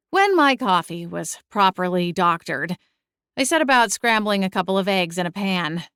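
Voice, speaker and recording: A young adult woman narrating a first-person audiobook, expressive and exasperated in the dialogue. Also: lowish voice, smooth, no room sound, clean studio sound.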